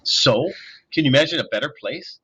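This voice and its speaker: A man voicing a sharp, impatient young girl in an audiobook reading. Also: animated, fairly quick, husky. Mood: dreamy. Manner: snappish, higher-pitched.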